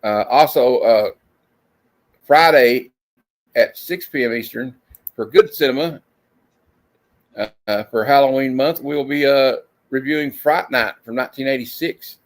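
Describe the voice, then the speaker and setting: A man's voice: mid-range voice, unhurried, pauses often. Offhand man hosting a stream. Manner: reads comic panels aloud in funny put-on voices; chuckling, loose and offhand. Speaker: host. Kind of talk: casual live-stream chat.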